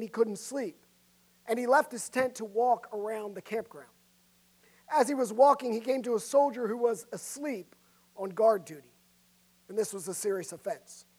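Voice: mid-range voice, darkish tone. A preacher delivering an emphatic sermon, often asking the congregation direct questions. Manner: emphatic, asks the audience questions.

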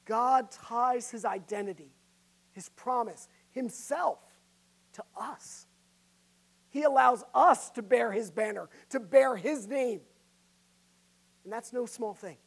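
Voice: mid-range voice, takes it slowly, creaky, long pauses. A preacher delivering an emphatic sermon, often asking the congregation direct questions. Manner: emphatic, asks the audience questions.

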